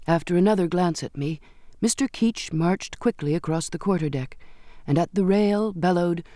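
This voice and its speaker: A man's voice: a little high, moderate pace, mellow, dry recording. Man narrating a story, dry close sound. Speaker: audiobook narrator. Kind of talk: scripted narration.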